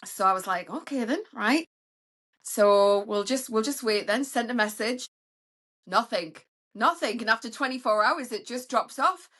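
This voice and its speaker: Cheeky, bright-voiced woman. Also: normal speed. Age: middle-aged. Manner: cheeky storyteller, acts out quotes in high voices. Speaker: panel member. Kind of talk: casual group chat.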